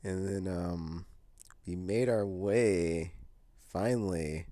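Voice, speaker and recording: A man's voice: deep voice, slow pace, mellow, no room sound. A man casually recapping a game session, rambling and jokey, loose with filler words. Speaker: player.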